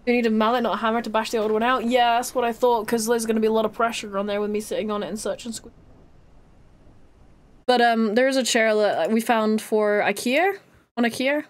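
High-voiced aussie woman streaming a game, rambly casual chat, yelps and laughs when scared. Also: fairly even intonation, fairly quick. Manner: chatty, breaks into shrieks and laughter when startled. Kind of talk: casual live gameplay chat.

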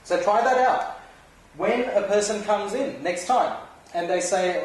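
A man's voice: fairly high pitch, measured pace. A man giving a physiotherapy lecture in a casual, conversational way, asking the audience rhetorical questions. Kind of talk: recorded university lecture. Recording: echoey lecture hall, mic at a distance.

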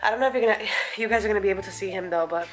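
A woman's voice: medium pitch, racing, soft background music, low-quality recording. A woman filming a casual home vlog on a handheld camera, chatting to viewers and coaxing her dogs. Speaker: vlogger. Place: home, indoors and out in the yard.

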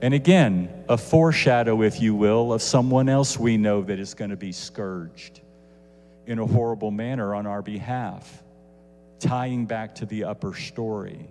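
A man teaching a Bible lesson casually, animated, with asides to his listeners. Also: on the low side, big-room sound, slight background noise.

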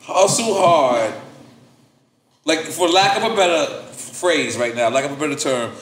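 Animated man hosting, roomy sound. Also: on the high side, normal speed. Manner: animated, emphatic questioner. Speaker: podcast host. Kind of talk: casual interview chat.

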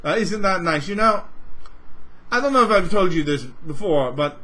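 A man performing a comic character, an exasperated crank who rants sarcastically and bursts into shouting. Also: high voice, lively intonation, moderate pace, poor audio. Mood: sarcastic. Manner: sarcastic rant that swings into shouting. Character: exasperated ranting man, easily outraged. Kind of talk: comedic character rant.

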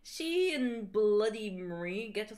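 A woman's voice: mid-range voice, big pitch swings, slow pace, a little mellow. A woman co-hosting a livestream, reading fan fiction aloud in a playful, mock-dramatic style with joking asides. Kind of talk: comedic dramatic reading with banter.

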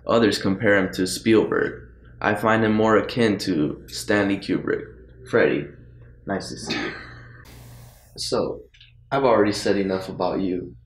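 A man hosting a comedy talk show in a brisk, formal showman manner. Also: lowish voice, slight background noise. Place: studio with live audience. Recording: echoey studio, faint ambience.

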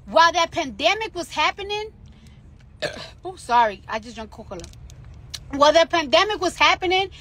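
A high bright-voiced New woman ranting. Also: big pitch swings, normal speed, long pauses. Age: late 20s. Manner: profane, emphatic, repeats her points. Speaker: celebrity livestreamer. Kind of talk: ranting social media live stream. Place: in a car.

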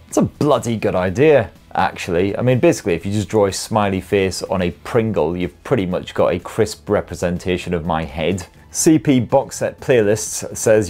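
A man's voice: sits low, animated, normal speed, darkish tone, faint music behind. A British man hosting a tech video, reading viewer comments in a cheeky, sweary, jokey way.

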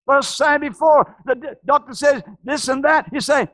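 A man preaching a sermon as pastor, telling stories with frequent restarts and shouted climaxes. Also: very high-pitched, normal speed, no echo. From Australia.

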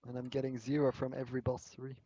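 A young man in casual gaming chat, deadpan and ribbing his friends. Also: mid-range voice, fast talker, dull audio. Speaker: gamer.

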